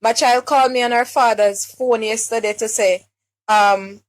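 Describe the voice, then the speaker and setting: A Jamaican woman speaks on a live stream with a fairly high voice, upset and pleading. She halts often, repeating words and restarting her sentences as she appeals for help. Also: fairly even intonation. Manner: distressed, halting, many restarts and repeated words. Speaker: mother making a public appeal.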